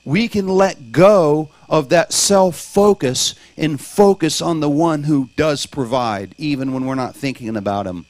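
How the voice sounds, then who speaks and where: A man giving a sermon in a steady, reassuring way. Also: a little high, a little slow, hardly any pauses, dry recording. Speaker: preacher.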